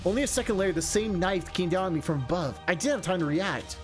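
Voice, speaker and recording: A streamer reads a game's narration aloud with a lively, bouncing voice. They break into laughs and chatty side comments between passages. Faint game music plays underneath. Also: medium pitch, quick pace. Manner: laughs often, chatty asides. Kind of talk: reading narration with live commentary.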